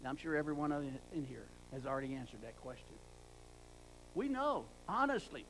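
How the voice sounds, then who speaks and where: A man's voice: on the high side, lively intonation, brisk, fairly bright tone, low-quality recording. A man preaching a sermon with emphatic repetition, often stumbling and restarting words. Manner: emphatic, repeats words for stress.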